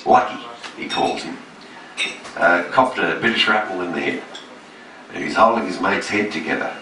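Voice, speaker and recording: A man's voice: low voice, echoey room, distant mic, background noise. An Australian man telling a story in laid-back slang, then reciting a verse poem.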